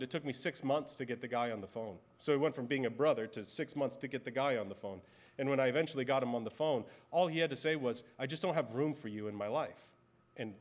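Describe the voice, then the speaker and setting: A male pastor in his thirties delivers a sermon in an easy, conversational tone. His voice sits at an ordinary middle pitch. He slips personal stories into his teaching.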